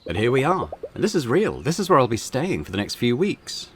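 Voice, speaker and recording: A man's voice: medium pitch, huge pitch swings, brisk, a little hiss or hum. A man reading the lines of a young woman lawyer on holiday, the heroine of a game.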